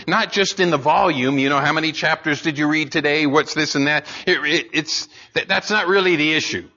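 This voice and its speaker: A man's voice: on the high side, pushed and bright, lo-fi sound. A man preaching a sermon in an earnest way, building emphasis and often restarting his words as he speaks. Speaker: pastor.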